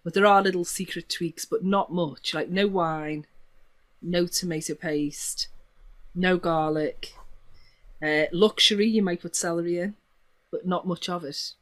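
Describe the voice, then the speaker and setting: A woman from Liverpool with a Liverpool accent, telling stories in casual chat, laughing often and swooping up in pitch. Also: a little slow. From Liverpool, England. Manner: animated storyteller, laughs often, voice swoops high in anecdotes.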